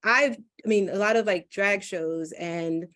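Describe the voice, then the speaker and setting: A woman's voice: medium pitch, unhurried, a bit bright. A woman moderating a Q&A, talking in a chatty way with many fillers. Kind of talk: casual interview hosting.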